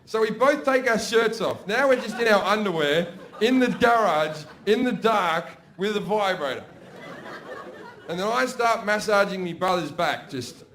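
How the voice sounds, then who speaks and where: Man, Australian accent, stand-up comedy storytelling, profane, animated, fairly high voice. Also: measured pace, slight background noise. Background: audience laughter.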